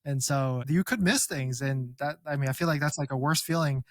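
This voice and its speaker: A man speaking as an expert guest, explaining car-buying tips in a casual, animated way and acting out customers. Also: mid-range voice, no echo, studio quality. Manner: animated, quick explainer who acts out customers. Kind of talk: casual conversational advice.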